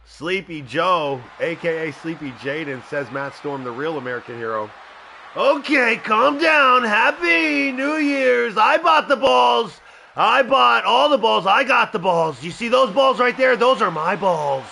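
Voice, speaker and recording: A man's voice: high voice, lively intonation, measured pace, creaky, bright, forceful tone, a little hiss or hum, pitched above the performer's own voice, full character voice. A man voicing a boastful male wrestler, doing an impression of a brash president who brags and taunts in a video game show. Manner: bragging, blustering, taunting.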